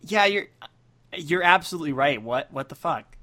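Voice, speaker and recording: A man's voice: on the high side, expressive, normal speed, sharp tone. A man co-hosting a casual comedy podcast, reading out list items and riffing on them sarcastically. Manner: sarcastic, reads list items aloud and riffs. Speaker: podcast co-host.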